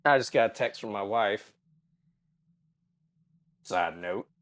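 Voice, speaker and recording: A man's voice: lowish voice, slow, fairly bright tone, dry recording. A middle-aged man co-hosting a live-stream podcast, talking bluntly and sarcastically with plenty of profanity. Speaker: podcast co-host. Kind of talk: casual live-stream chat.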